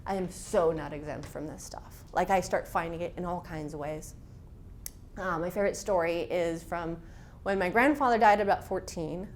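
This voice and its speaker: A woman's voice: on the low side, slight background noise. Frank, casual woman instructor. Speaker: workshop instructor. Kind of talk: classroom talk with personal stories.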